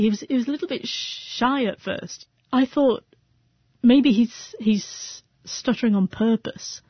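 A woman's voice: mid-range voice, no room sound, muffled recording. Woman who stutters telling her story. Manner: stutters, with repeated sounds and restarts. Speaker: interview guest. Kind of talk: personal storytelling interview.

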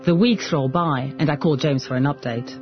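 A man journalist giving measured, scripted documentary narration. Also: fairly high pitch, dull audio, loud music behind the voice. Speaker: journalist presenter.

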